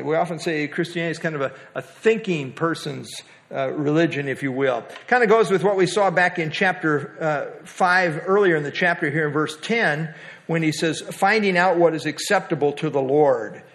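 A man's voice: a little high, fairly bright tone. A man leading a Bible study, teaching in a conversational way with many fillers and questions to the group.

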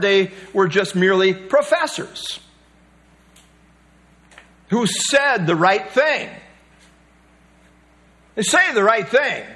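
A man's voice: sits high, a bit bright. A male pastor preaching a sermon, emphatic and repeating key phrases for weight.

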